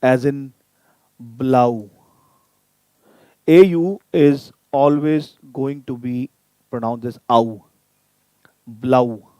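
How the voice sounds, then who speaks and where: A man leads a live online German lesson, sounding out each vowel and consonant patiently, one at a time. His voice is mellow and unhurried, recorded dry and close with no room sound. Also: mid-range voice, dry recording. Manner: repeats sounds slowly to drill pronunciation; addresses viewers directly, inviting typed questions. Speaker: German language teacher.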